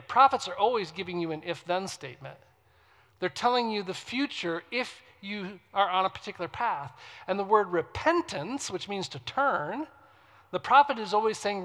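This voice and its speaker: A man with a high-pitched voice delivers a sermon to a congregation in an easy, conversational way. He slows down to make a point, then leaps up in pitch and volume to stress it. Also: lively intonation, fairly bright tone, in a large hall. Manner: conversational, emphatic, rises sharply on stressed words. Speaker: pastor. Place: church before a congregation.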